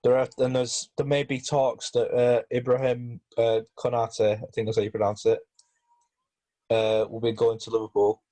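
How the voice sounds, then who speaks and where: A man's voice: medium pitch, monotone, moderate pace, warm tone. Hesitant man chatting football. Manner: hesitant, many fillers and restarts. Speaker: podcast host. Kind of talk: casual football chat.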